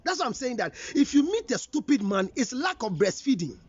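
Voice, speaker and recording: A man's voice: very high voice, sing-song, brisk, slightly rough, highs cut off. A Ghanaian man giving an emphatic counseling talk, scolding his listeners with rhetorical questions. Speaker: relationship counselor. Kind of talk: counseling talk mixing English and Twi.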